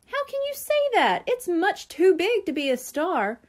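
A woman voicing an excitable, boastful young boy rabbit who talks in a dramatic, insistent way in a storybook reading. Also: fairly high pitch, normal speed, close to an everyday voice.

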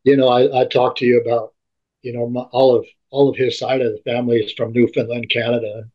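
A man being interviewed, telling a personal story in halting speech that often repeats and restarts words. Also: mid-range voice, level tone. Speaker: interview guest. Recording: dull lo-fi recording.

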